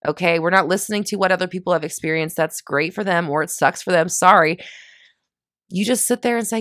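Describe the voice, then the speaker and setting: A woman's voice: fairly low pitch, a little fast, a bit bright, no echo, studio quality. A woman coaching listeners in a casual motivational monologue, chatty and self-mocking when she loses her words.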